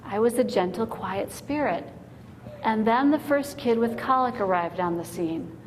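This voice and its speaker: A woman with a slightly high voice delivers a Christian talk to mothers, mixing jokes and heartfelt stories. Her voice rings out in a large hall with a long reverb. A faint noise sits under the recording. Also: lively intonation, unhurried. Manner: storytelling, comic timing, earnest. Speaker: Christian women's speaker. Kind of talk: humorous inspirational talk.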